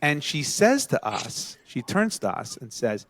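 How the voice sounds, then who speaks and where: A man's voice: a little fast, few pauses, no room sound. A man co-hosting a podcast, telling a story to friends in casual chat and acting out the quotes. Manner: animated, acts out quotes with rising pitch. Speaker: podcast co-host.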